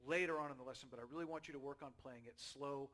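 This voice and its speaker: A man giving a casual drum lesson, chatty and relaxed, checking in with "okay?" and "right?" as he explains. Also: mid-range voice, rapid-fire. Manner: counts beats aloud loudly while drumming. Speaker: drum teacher. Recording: drum kit playing behind the voice.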